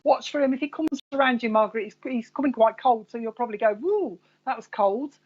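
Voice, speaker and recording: A woman's voice: a little high, fast talker, a little mellow. Chatty woman medium on a dull stream. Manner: chatty, rambling, addresses viewers by name. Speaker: psychic medium giving live readings. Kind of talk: live-streamed reading to viewers.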